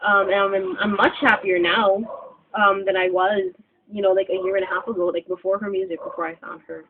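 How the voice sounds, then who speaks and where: A woman's voice: mid-range voice, steady tone, fairly quick, background noise. Girl in her 20s rambling to camera, lots of likes and ums, mid voice, sounds like a cheap phone mic. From Philippines. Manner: chatty, rambling with many fillers. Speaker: vlogger. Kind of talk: casual vlog chat. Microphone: cell phone camera. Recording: tinny phone-like lo-fi audio.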